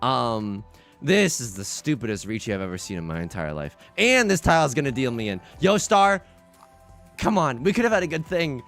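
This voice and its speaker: Over soft background music, a young man streaming a game chats casually in a mid-range voice at a moderate pace. He's full of fillers and self-deprecating humor, starting out lively and jokey before turning subdued and tearful.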